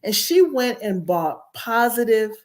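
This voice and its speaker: A woman's voice: on the high side, sing-song, measured pace. A middle-aged woman guest telling her childhood story in an earnest, reflective way. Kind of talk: personal storytelling.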